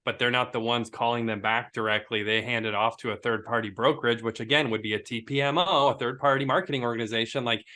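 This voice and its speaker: Bright-voiced man on a podcast. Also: medium pitch, fast, few pauses. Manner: animated, rambling, many "like" fillers. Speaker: podcast co-host. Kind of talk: casual podcast discussion.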